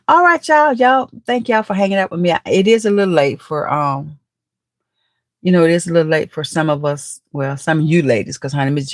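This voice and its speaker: A woman's voice: deep voice, a little mellow, dry recording, studio quality. A woman hosting a live stream and chatting with viewers, teasing and laughing often, with speech. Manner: chatty, teasing, calls viewers nephew and baby. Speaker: livestream host. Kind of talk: casual live chat reading comments.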